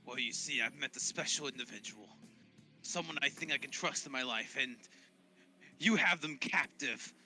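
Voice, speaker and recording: A man's voice: medium pitch, moderate pace, bright, forceful tone, faint music behind. A man voicing an overwrought young male orc who apologizes pitifully and then rages at his brother in an improvised tabletop game. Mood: indignant. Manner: overwrought and theatrical, pleading then outraged. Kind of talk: improvised tabletop role-play.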